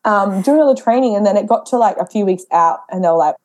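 A young pregnant woman talks quickly as a podcast guest. Her voice is mellow and warm. She tells stories in a lively way and acts out her own past dialogue. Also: mid-range voice. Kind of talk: casual interview chat.

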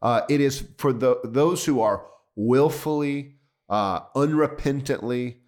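A man's voice: medium pitch, a little slow, darkish tone. A man who is a pastor, explaining things earnestly in a casual podcast discussion.

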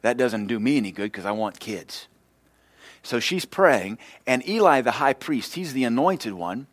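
A man preaching a sermon with impassioned, storytelling delivery that swells louder and higher. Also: lively intonation, moderate pace, no echo. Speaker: pastor.

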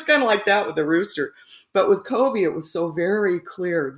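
A woman's voice: mid-range voice, expressive, moderate pace. A woman telling a story casually as a guest, rambling with frequent fillers and laughs. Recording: echoey room.

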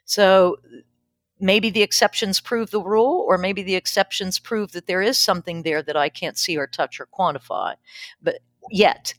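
A woman's voice: medium pitch, moderate pace, no echo. A woman pastor and podcast guest, speaking in an emphatic, reflective way and laughing easily. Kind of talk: casual conversational interview.

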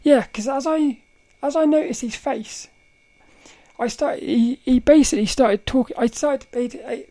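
A woman hosting a casual solo podcast, telling a story in a rambling, animated way, often laughing and restarting her sentences. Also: high voice, a little slow. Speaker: podcast host.

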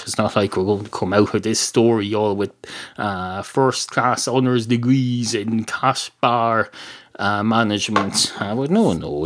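Rambling, self-mocking low-voiced man. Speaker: podcast host. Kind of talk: improvised comic storytelling.

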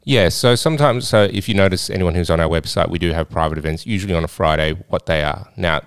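A man's voice: sits low, fast, gravelly, clean tone, no echo, clean studio sound. A man hosting a podcast, chatting casually and jokily with frequent restarts. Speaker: podcast host.

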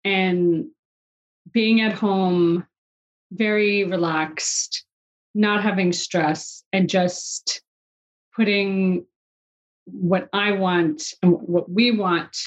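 A woman's voice: fairly low pitch, fairly even intonation, takes it slowly, long pauses. A woman in her forties telling a personal story in an interview, quoting dialogue and sounding emotional. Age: 40s. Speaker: guest. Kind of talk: conversational interview.

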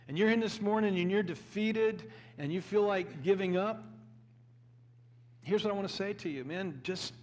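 A male pastor with a notably high voice delivers a sermon, reading scripture between his points. He speaks earnestly, often repeats words as he restarts a thought, and pushes into louder, emphatic stretches. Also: moderate pace, slight background noise. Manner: builds to a louder, emphatic preaching pitch.

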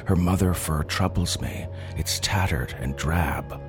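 A man narrating a scripted story for a podcast in a hushed, intimate way. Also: deep voice, measured pace. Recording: music playing behind.

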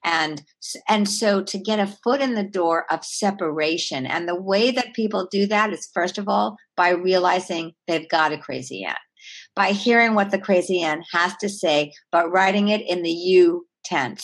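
An earnest woman author speaking as a guest in an interview. Her voice sits a little low and swings widely in pitch and loudness as she explains. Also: lively intonation, moderate pace. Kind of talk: conversational interview.

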